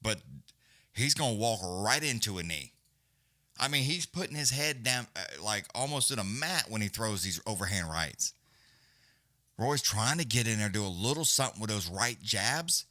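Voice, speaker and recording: Guy, casual profane fight caller, very animated pitch, dry close mic. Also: moderate pace, no echo. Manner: profane, blunt, loose, Southern-leaning slang. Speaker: fight companion commentator. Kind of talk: casual live fight commentary.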